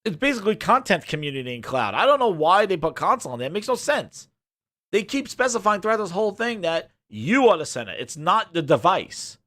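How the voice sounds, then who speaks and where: A man streaming games, ranting and sarcastic as he reads a web page aloud, muttering low over the text and swearing when he gets worked up. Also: big pitch swings, a little fast, fairly bright tone. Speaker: gaming streamer. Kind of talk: ranting commentary while reading a web page.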